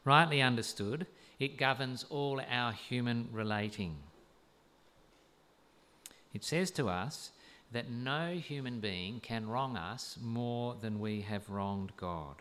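A man giving a sermon-style camp talk, measured and thoughtful with hesitant fillers. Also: mid-range voice, bright, forceful tone, a little hiss or hum. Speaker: camp speaker.

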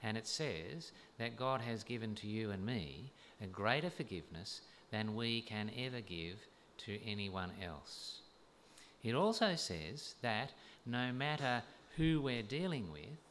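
A man giving a sermon-style camp talk, measured and thoughtful with hesitant fillers. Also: mid-range voice, pushed and bright, slight background noise. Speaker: camp speaker.

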